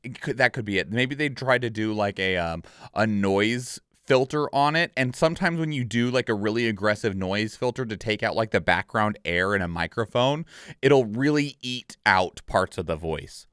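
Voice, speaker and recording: A man casually reacting to a game trailer, excitable and rambling with lots of fillers. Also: fairly low pitch, normal speed, smooth, dry recording, clean studio sound.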